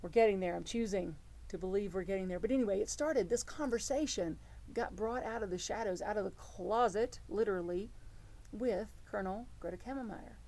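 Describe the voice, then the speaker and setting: A middle-aged woman preaching a sermon as reverend, telling stories in an earnest, animated way. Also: mid-range voice, fairly quick. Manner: storytelling, earnest and animated, with many restarts.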